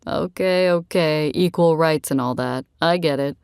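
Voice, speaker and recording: Audiobook: woman reading easygoing rugged guy, lowered voice, dry close read. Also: measured pace, darkish tone, clear, resonant tone, no room sound. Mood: teasing. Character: tall rugged man, easygoing and teasing.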